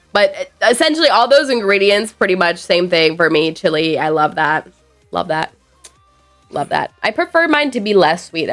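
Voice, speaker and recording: A woman streaming live, chatting loosely and answering her chat with playful asides. Her voice sits fairly low and carries a lot of vocal fry. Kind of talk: casual chat with viewers.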